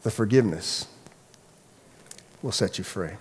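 A man preaching a sermon earnestly, often repeating and restarting phrases and dropping to a soft voice on key points. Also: lowish voice, unhurried, slightly rough. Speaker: pastor. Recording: long echoey hall reverb.

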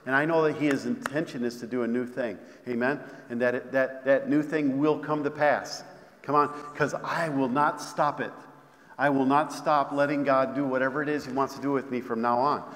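Heard in a hall with long reverb, a pastor preaches a sermon in a mid-range, slightly bright voice with fairly even intonation and a moderate pace. He repeats phrases in call-and-response fashion, calls out to the congregation, and stumbles through many restarts.

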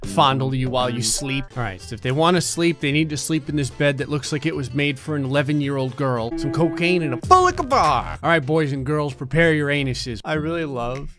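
A young man narrating a game with sarcastic, dark humor and frequent laughter. His voice sits a bit high, and soft music plays beneath it. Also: lively intonation, fairly quick, few pauses. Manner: sarcastic, darkly joking, laughs often. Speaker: gaming commentator. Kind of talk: comedic game commentary.

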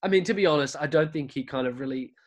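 A man's voice: on the high side, quick pace. A man from Australia with an Australian accent, a guest telling rambling stories in a casual interview chat. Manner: rambling storyteller, many restarts. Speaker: podcast creator, guest.

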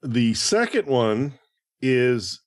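A man's voice: mid-range voice, very animated, drawn-out words, no echo, clean studio sound. A man co-hosting a podcast, talking in a matter-of-fact, casual way. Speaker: podcast co-host. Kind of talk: casual gaming chat.

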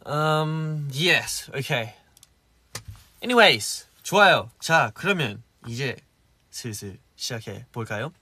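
With a mid-range voice that is expressive, pushed, bright and husky, a young Australian streamer in his twenties races through answers to viewer comments. His manner is rambling and easygoing, full of fillers and restarts, and the recording is dry.

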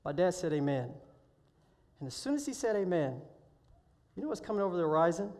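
A man preaching a week-of-prayer sermon, telling a personal testimony in an animated storytelling way that swells loud when excited. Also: high-pitched, brisk. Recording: long hall reverb.

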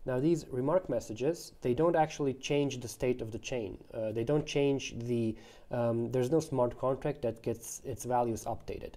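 Man, mid pitch, very dark warm timbre; founder explaining his tech with analogies, casual fillers and restarts. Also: a little slow. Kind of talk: explanatory talk to camera.

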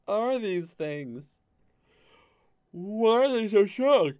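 A man streaming a video game live, swearing and shouting at the enemies as he plays. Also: high voice, animated, drawn-out words, clean tone, no room sound, studio quality. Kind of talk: live gameplay commentary. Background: game music.

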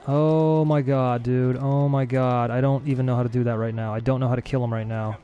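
A young man giving casual let's-play commentary as a gaming streamer, excitable and easily frustrated. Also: medium pitch, a little fast, highs cut off. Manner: excitable, frustrated, swears mildly.

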